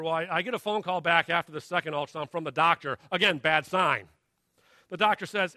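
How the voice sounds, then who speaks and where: A man in his thirties preaching a sermon, telling a personal story in a halting conversational way that builds to emphatic questions. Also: a little high, sharp tone, dry recording. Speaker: pastor.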